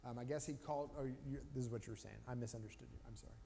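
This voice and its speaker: A man teaching a Bible study in a relaxed, conversational way, slipping into short voiced asides as he retells the story. He speaks at a middle pitch. The live-stream sound carries a long reverb and a faint background hiss. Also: vocal fry. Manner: animated storytelling with quick voiced asides for biblical characters. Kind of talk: casual Bible study talk. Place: church room.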